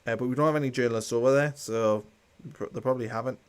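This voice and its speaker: Rapid-fire and clean-toned at a medium pitch, this watchalong host runs a live football watchalong. Casual chat mixes with viewer comments he reads out in a dry, mildly sarcastic manner.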